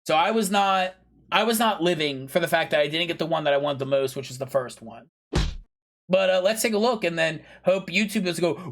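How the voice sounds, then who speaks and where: A male streamer with a notably high voice talks casually to his viewers between games. He rambles, trips over fillers and restarts, and pushes his channel plugs in a playful, insistent way. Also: brisk, fairly bright tone. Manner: rambling, filler-heavy, chatty; pushy, playful plugging. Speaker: game streamer. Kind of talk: casual live-stream chat.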